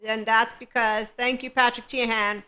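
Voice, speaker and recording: A woman's voice: on the high side, little pitch movement, normal speed, pushed and bright. A woman hosting a spiritual self-help podcast, talking in a playful, rambling way and laughing often. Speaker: podcast host.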